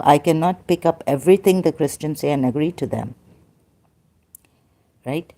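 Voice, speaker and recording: A woman in an unscripted debate, talking hesitantly with many fillers and restarts, and admitting she gets hyper and struggles to keep her voice gentle. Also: sits low. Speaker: debater in an online religious discussion.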